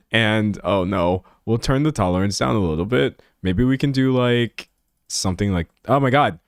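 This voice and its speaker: A man's voice: lowish voice, normal speed, no echo. A young man chatting casually on a live stream, talking to his chat in a self-deprecating way and laughing often. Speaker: livestreamer.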